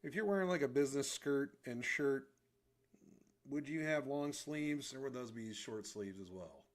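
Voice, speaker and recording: A man's voice: medium pitch, moderate pace. Rambling male streamer chatting while he draws. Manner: rambling, self-deprecating, thinks aloud. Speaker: livestreamer drawing comics. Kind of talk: casual chat while drawing.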